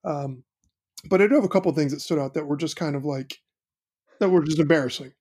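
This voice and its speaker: Male co-host, middle-aged, husky, chatty storyteller. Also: fairly high pitch, fairly quick. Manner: storytelling, animated quoting of his kids. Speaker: podcast co-host. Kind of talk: casual chat.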